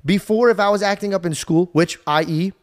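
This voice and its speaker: Animated young man telling a story. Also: high voice, fairly quick. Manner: animated, swearing, says "bro" often. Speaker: podcast host. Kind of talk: casual podcast storytelling.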